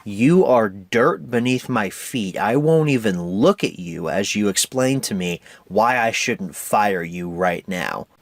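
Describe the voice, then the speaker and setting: Man playing an arrogant male executive, slow, contemptuous, low-voiced. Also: animated, vocal fry, no echo, heavily acted. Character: cold, arrogant male corporate boss.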